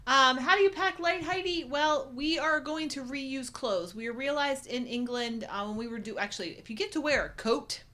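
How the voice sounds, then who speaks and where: A woman from the United States co-hosting a casual livestream chat, telling stories in a chatty, animated way and laughing often. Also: sits high, normal speed, few pauses. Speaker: co-host.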